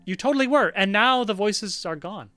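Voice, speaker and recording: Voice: medium pitch, animated, normal speed, fairly bright tone, soft background music. A game master narrating a tabletop game with playful, descriptive storytelling.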